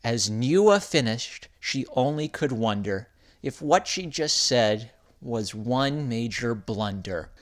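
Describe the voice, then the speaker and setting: Man reading a rhyming kids' story, sing-song, very lively pitch, slow and deliberate. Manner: sing-song, expressive delivery.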